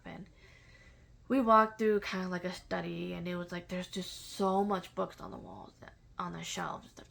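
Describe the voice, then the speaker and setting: A woman casually telling a personal story in a halting, reflective way, with many fillers and restarts. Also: fairly low pitch, vocal fry, a bit bright. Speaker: vlogger sharing a personal spiritual story.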